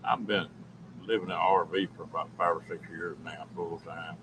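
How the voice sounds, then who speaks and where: A man who lives in an RV, chatting easily with viewers and answering their comments by name on a live stream. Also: sits low. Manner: relaxed and chatty, with drawn-out laughs. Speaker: host of a live stream chat. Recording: faint background noise.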